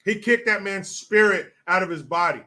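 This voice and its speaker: A male show host riffs on viewer comments in loose, profane commentary. His voice sits a little high, with a bright and forceful edge. He rambles and restarts, bluntly and without polish. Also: moderate pace.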